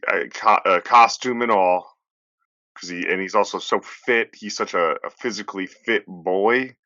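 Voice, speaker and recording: A man co-hosting a podcast, talking in a rambling, playful, animated way in casual chat. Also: low-pitched, unhurried, dry recording. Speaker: podcast co-host. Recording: muffled lo-fi podcast audio.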